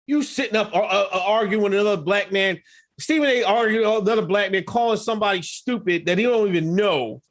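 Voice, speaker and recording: A man's voice: sits high, brisk. A man co-hosting a podcast, ranting and mocking in casual, profane commentary. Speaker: podcast co-host.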